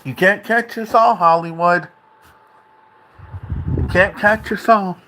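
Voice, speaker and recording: A man vlogging an angry, profane rant from a dark room at home, taunting and repeating himself. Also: high voice, slow, a little hiss or hum.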